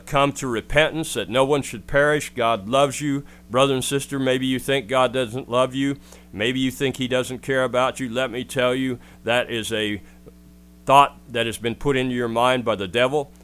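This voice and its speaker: A man's voice: medium pitch, a bit bright, clear, resonant tone. A man preaching a radio sermon, earnestly urging listeners and reading scripture.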